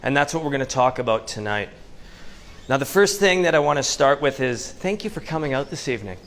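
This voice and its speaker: A Canadian man giving an inspirational talk to a live audience, telling stories with slow, dramatic pauses. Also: medium pitch, animated, fairly bright tone, a little hiss or hum. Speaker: motivational speaker. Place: event venue before a live audience.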